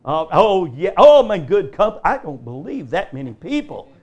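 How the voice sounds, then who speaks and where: A man's voice: high-pitched, very animated, moderate pace, muffled recording. An older man preaching a live sermon in a church, addressing the congregation with emphatic rhetorical questions. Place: church service before a congregation.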